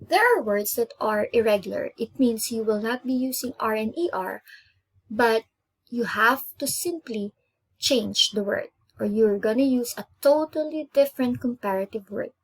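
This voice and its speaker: Higher husky woman teaching grammar patiently. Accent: Indonesian. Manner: patient, spells words out and repeats examples slowly. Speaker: English teacher. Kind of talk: online grammar lesson.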